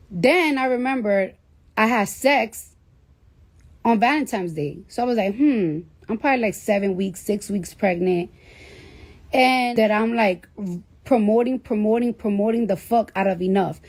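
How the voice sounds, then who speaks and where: A woman's voice: medium pitch, darkish tone. A woman telling a personal story to her livestream viewers, rambling and swearing, with "like" all through her talk. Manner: rambling, profane, heavy use of "like". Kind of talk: casual storytelling.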